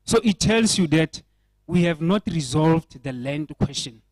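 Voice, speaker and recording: A man's voice: a little high, animated, a little slow, darkish tone, no echo, poor audio. A man from South Africa with a South African accent, speaking earnestly at a panel discussion and often restarting his phrases and asking rhetorical questions. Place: indoor event.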